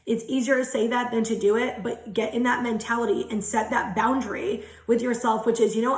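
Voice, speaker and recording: Young woman tarot reader talking straight to camera, swears a lot, higher voice, kinda echoey room. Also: steady tone, a little fast, hardly any pauses. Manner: candid, frequent swearing, earnest. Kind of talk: casual spiritual talk to viewers.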